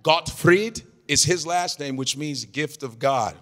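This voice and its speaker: A man doing improvised stand-up comedy, loud and animated, swearing and shouting his punchlines. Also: a little high, slow pace, long reverb tail.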